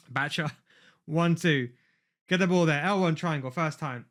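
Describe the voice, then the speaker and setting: A man's voice: on the high side, moderate pace, long pauses, fairly bright tone. A man giving a casual, rambling gameplay tutorial while he plays. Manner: rambling, chatty, talks while playing. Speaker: video game coach.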